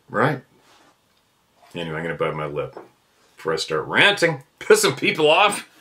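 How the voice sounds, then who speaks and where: A man's voice: fairly low pitch, sharp tone. Blunt, cursing man on a fired-up rant. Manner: blunt and profane, repeats himself. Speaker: podcast host. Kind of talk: fired-up ranting monologue.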